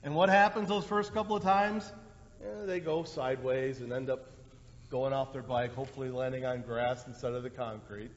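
A male pastor preaching a sermon in a conversational way, with lively bursts when he acts out quotes. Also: medium pitch, normal speed. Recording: dull lo-fi sound with long hall reverb.

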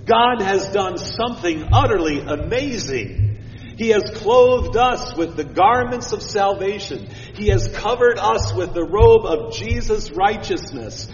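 A male pastor with a slightly higher voice delivers an expressive sermon, dropping low and quiet before rising with emphasis. He's recorded from far off in a big church sanctuary, so the sound is echoey with long reverb, dull and muffled, with a faint hiss underneath.

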